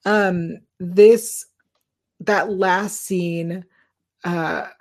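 A woman's voice: on the low side, fairly even intonation, extremely slow. A woman co-hosting a podcast, talking through her points in a casual fan recap. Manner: chatty and reasoned, builds points with fillers. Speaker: podcast co-host.

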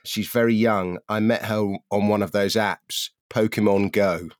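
A man's voice: fairly low pitch, fairly even intonation, unhurried, no room sound. Wry dry-witted man guesting. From Southeast London. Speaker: podcast guest. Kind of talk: casual comedy chat.

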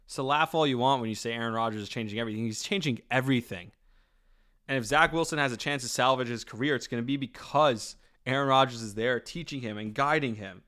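A man hosting a podcast, talking about football in an animated, opinionated way with quick asides and restarts. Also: mid-range voice. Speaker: podcast host. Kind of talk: casual sports talk.

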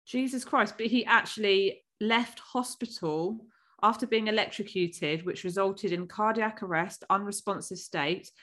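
A woman in her thirties chats bluntly on a podcast. She swears freely and teases with cheeky humour. Her voice sits in an ordinary middle pitch. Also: unhurried, a bit bright. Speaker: podcast co-host. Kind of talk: casual chat.

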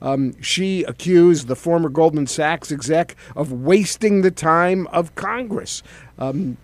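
A man's voice: a little high, slow pace, dry recording. A middle-aged man hosting a political commentary show, sardonic and conversational, with fillers. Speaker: talk show host, former congressman.

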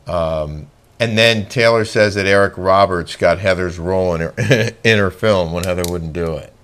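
A man's voice: low voice, moderate pace, a bit bright. A man hosting a casual talk show, recapping episodes and teasing his co-host, laughing easily. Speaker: podcast host. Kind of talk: casual chat.

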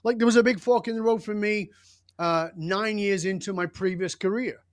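An older man speaking as an interview guest, his voice sitting a touch higher than most men's. He tells his story with blunt, emphatic intensity and a hint of profanity, in a dry, close recording with no room sound. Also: normal speed, no room sound. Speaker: podcast guest.

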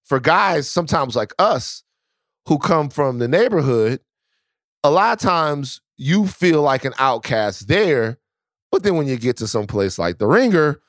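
A man's voice: medium pitch, dry recording. Loose-talking storyteller man on a dry podcast mic. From Baton Rouge, Louisiana. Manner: loose, profane storytelling with frequent restarts. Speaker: podcast co-host. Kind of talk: casual podcast chat.

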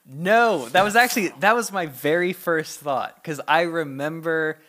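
A relaxed young man in a casual podcast chat, easygoing and supportive of his co-host. His voice sits a touch on the high side. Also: unhurried. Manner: laid-back, encouraging listener.

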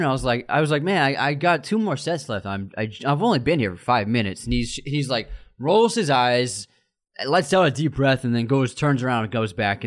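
Animated man telling a heated story. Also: medium pitch. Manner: animated storyteller, acts out heated dialogue, many restarts. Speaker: podcast co-host. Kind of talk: casual chat, storytelling.

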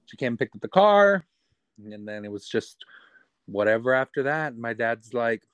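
A man's voice: medium pitch, moderate pace, clean tone. A man in his thirties, a guest telling a personal story candidly and profanely, acting out what others said. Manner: candid, profane, quotes others in lively retellings. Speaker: interview guest. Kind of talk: casual storytelling.

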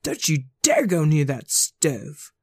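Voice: mid-range voice, sing-song, takes it slowly, no room sound, studio quality. A storyteller voicing a tired, fussy mother who dotes on her children. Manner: fussing, doting.

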